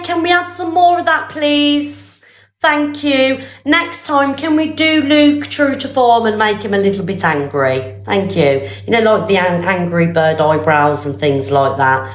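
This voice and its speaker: A woman with a lowish voice hosts a live stream while fighting a slight cold. She chats loosely, swears casually and jumps up into high squeals. The room around her sounds echoey. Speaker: livestream host. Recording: roomy echo.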